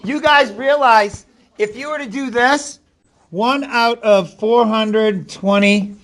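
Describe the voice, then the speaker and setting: A man's voice: extremely high pitch, steady tone, takes it slowly, fairly bright tone. A man with a Maine accent teaching a math class, chatty and jokey, often shushing his students. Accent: New England (Maine).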